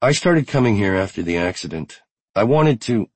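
A tired but unbending widow speaks plainly and earnestly, as a male audiobook narrator reads her lines. The voice sits very low and husky. It is close and dry, with no room around it. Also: lively intonation, moderate pace, dry recording. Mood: wistful. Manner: blunt, earnest. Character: grieving widowed woman, tired but strong. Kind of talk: audiobook character reading.

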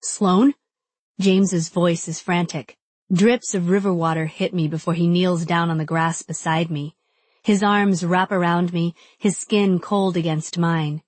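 A woman's voice: fairly low pitch, steady tone, measured pace, no room sound. A young adult woman giving intimate, reflective first-person audiobook narration.

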